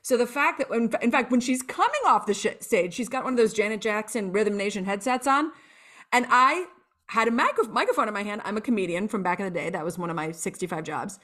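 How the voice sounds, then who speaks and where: Animated woman telling candid stories. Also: medium pitch, a little fast. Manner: lively and expressive, acts out her own past lines. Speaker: podcast guest and coach. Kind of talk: candid storytelling interview chat.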